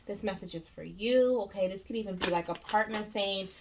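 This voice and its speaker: A woman's voice: mid-range voice, fairly even intonation, a little fast, hardly any pauses, a little hiss or hum. Chatty woman giving an encouraging reading. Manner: chatty, reassuring, many ums and okays. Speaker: tarot reader. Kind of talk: casual spiritual reading to camera. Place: indoors by a window in natural light.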